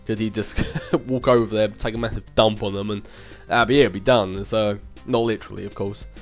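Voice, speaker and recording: A man's voice: fairly low pitch, steady tone, fairly quick, faint music behind. A young man hosting his channel, casually answering viewer questions in a chatty, rambling way with frequent laughs. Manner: chatty, rambling, laughs often, with filler hums. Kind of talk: casual Q&A chat.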